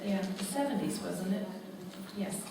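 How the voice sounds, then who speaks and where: A woman's voice: medium pitch, lively intonation, moderate pace, creaky. Chatty woman in echoey sanctuary. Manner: bubbly, chatty, enthusiastic. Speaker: church announcer. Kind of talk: casual church announcements. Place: large church sanctuary. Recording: echoey sanctuary from far off, noisy.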